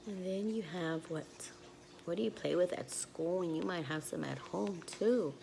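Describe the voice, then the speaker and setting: A young woman teaching preschoolers in a video lesson, speaking in a slow, sing-song, encouraging way and making animal sounds. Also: fairly low pitch, creaky, darkish tone, a little hiss or hum.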